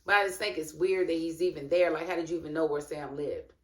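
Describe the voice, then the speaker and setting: A woman's voice: low-pitched, fairly even intonation, fast, roomy sound, a little hiss or hum. A woman hosting her own channel, giving a casual, chatty recap and review of a TV episode and talking straight to her viewers. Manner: chatty, colloquial, talks straight to viewers as "honey" and "y'all".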